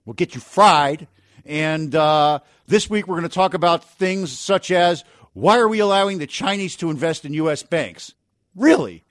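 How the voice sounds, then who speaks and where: Male talk radio host with a slightly high voice and a dry studio sound. Punchy and opinionated. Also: animated, fairly bright tone, no echo. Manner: brisk and opinionated, with rhetorical questions. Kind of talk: business talk radio with editorials.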